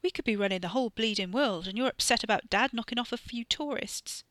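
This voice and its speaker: A woman's voice: fairly high pitch, fast, a bit bright, dry recording, close to an everyday voice. A woman voicing a cocky, sneering young male shapeshifter. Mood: menacing. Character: brash young male shapeshifter, cousin, menacing.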